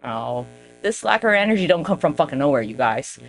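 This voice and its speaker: A woman's voice: low-pitched, big pitch swings, a little fast, a little hiss or hum. A woman hosting her own podcast, rambling in a casual, profane, self-mocking monologue aimed straight at her viewers. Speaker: podcast host.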